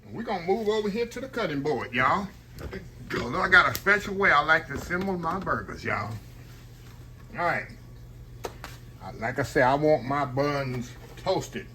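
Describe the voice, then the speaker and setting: A man's voice: on the high side, a little hiss or hum, rough recording. A man who hosts a home cooking vlog, chatting casually and rambling to his viewers while he cooks at his kitchen stove. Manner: chatty, rambling, keeps calling viewers y'all. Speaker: home cook, channel host. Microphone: camera on a tripod. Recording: loud frying sizzle behind the voice. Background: skillet sizzling and frying.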